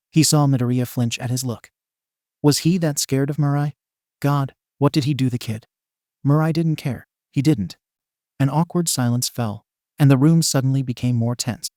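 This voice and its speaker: Mellow-voiced man reading a story. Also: mid-range voice, normal speed, dry recording, studio quality. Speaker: narrator. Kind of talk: reading fan fiction aloud.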